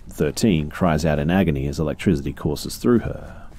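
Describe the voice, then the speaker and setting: Man reading notes aloud, low pitch, dark tone, husky. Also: measured pace. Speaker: reader of in-game documents.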